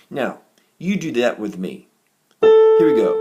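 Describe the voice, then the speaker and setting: A man's voice: on the low side, moderate pace. A man teaching a recorded music reading lesson, explaining note values patiently and correcting himself now and then. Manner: patient, counts beats aloud in a raised chant; steady and explanatory, with small self-corrections.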